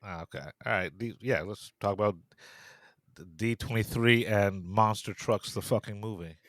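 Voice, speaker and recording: A man's voice: on the low side, normal speed, no room sound. Easygoing man co-hosting a podcast. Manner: relaxed, agreeable, profane, stumbles over words. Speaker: podcast co-host. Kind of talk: casual film podcast banter.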